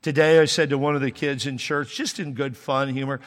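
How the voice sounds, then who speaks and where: A man's voice: medium pitch, brisk, hardly any pauses, sharp tone. A man, a pastor, preaching a sermon in a conversational way, with humor and sudden emphatic rises. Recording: long hall reverb.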